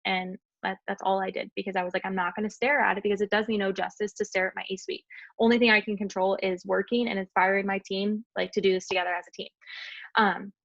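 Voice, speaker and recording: A woman's voice: mid-range voice, level tone, gravelly, a bit bright, no echo. Young woman pouring her heart out to her team, lots of "like", dry kinda dull call audio. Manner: fast, heartfelt, filler-heavy with frequent "like". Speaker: team leader speaking on a group call. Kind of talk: emotional motivational testimony.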